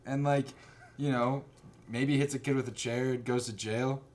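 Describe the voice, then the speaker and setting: A man casually recapping films for a co-host, rambling and slipping into quick silly voices for the characters. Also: medium pitch, steady tone, a little mellow. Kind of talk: casual chat recapping movies.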